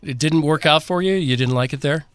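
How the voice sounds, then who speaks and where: A man co-hosting a morning radio show, telling stories with animated mock outrage in a studio. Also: a little high, a little fast, clear, resonant tone, soft background music. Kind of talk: casual morning radio banter. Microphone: studio microphone.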